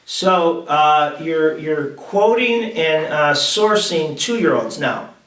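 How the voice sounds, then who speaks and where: Male host, enthusiastic and jokey, higher voice, roomy far-off recording. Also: lively intonation, fairly bright tone. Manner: enthusiastic and joking, with many halting restarts. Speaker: podcast host. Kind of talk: casual interview chat. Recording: roomy echo, distant mic.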